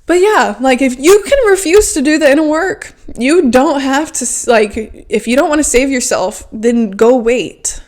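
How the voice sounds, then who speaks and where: Woman podcast host, fairly high voice, blunt and emphatic, casual filler-laden self-help talk. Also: expressive, normal speed, hardly any pauses. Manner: emphatic, frank, filler-heavy with frequent "like".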